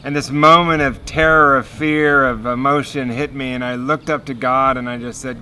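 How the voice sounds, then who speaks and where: Bright-voiced man sharing a testimony. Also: mid-range voice, moderate pace, hardly any pauses, clear, resonant tone. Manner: earnest, animated storytelling with laughs. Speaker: speaker giving a testimony. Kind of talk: sermon testimony storytelling.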